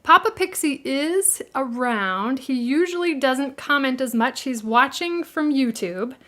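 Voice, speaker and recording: A woman's voice: high-pitched, lively intonation, unhurried, pushed and bright. A middle-aged woman with a Midwestern American accent hosts a live craft tutorial, chatting in a friendly way, laughing easily and answering viewers' questions.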